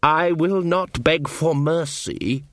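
A man voicing a cold, proud captive elf who speaks in a slow, hissing way. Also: fairly high pitch, fairly bright tone, no room sound, clean studio sound, voice pushed up. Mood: defiant.

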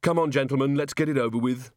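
A man voicing a calm, quietly unbothered young woman constable in a raised voice. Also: medium pitch, quick pace, no room sound, studio quality, pitched above the performer's own voice, close to an everyday voice. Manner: calm, soft.

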